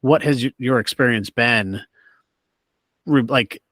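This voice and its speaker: A man's voice: medium pitch, slow pace, a bit bright, no room sound, studio quality. A man hosting a casual interview, laughing easily and asking long, rambling questions full of fillers. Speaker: podcast host.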